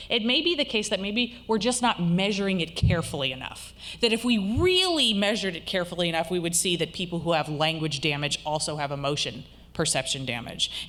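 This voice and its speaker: A woman's voice: on the low side, a bit bright. A woman college instructor giving a recorded lecture, explaining step by step and checking in with her listeners.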